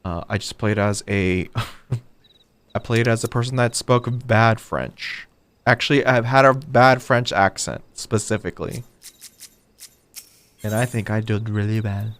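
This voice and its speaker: A man's voice: on the low side, measured pace, long pauses, a bit bright, dry recording. A man streaming a video game, rambling and chatty, often mocking himself. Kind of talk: casual gameplay commentary.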